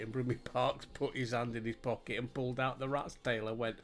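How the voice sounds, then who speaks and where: A man's voice: medium pitch, little pitch movement, brisk, few pauses. A man in his sixties with a Yorkshire accent, chatting casually and telling rambling stories while he plays a game, laughing often. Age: 60s. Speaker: gaming video host. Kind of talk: casual chat and storytelling while playing.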